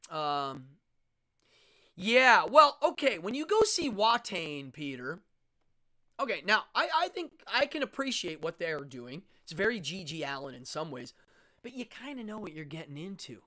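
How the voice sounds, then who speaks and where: A man's voice: fairly high pitch, very animated, moderate pace, pushed and bright. A middle-aged man who hosts a talk show and works as a stage magician, telling backstage stories in a blunt, frank way. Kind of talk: casual storytelling on a talk show.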